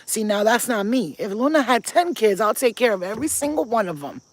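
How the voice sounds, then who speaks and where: A woman's voice: a little high, animated, fairly quick, no room sound, poor audio. A woman who is a spiritual healer, chatting casually and emphatically to her viewers while outdoors in a yard, swearing freely. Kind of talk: casual chat to camera.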